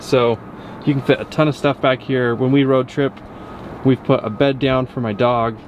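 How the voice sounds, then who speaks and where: Upbeat male truck vlogger, casual walkaround delivery, ordinary mid-range voice, clear background noise. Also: mid-range voice, steady tone, moderate pace. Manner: easygoing, upbeat, frequent "um" fillers. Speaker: truck reviewer. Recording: windy outdoor noise.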